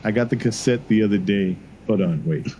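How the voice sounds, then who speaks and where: A man's voice: on the low side, mellow, lo-fi sound, soft background music. A congested man co-hosting a casual podcast, joking and stretching out his phrases. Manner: loose, joking, drawn-out phrasing. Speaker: podcast co-host. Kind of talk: casual chat.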